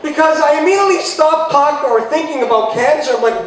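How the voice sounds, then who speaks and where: A man with a fairly high voice tells a funny personal story from a stage, dry and sarcastic, and now and then he bursts out loud and excited. He is heard from a distance in a very echoey hall, with faint noise behind him. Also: a little fast, few pauses, a loud crowd. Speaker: speaker giving a talk. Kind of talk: humorous personal talk.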